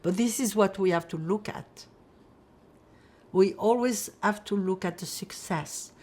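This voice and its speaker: An older woman from France giving oral history testimony, reflective and halting, with many fillers as she searches for words. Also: mid-range voice, a little mellow. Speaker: Holocaust survivor interviewee.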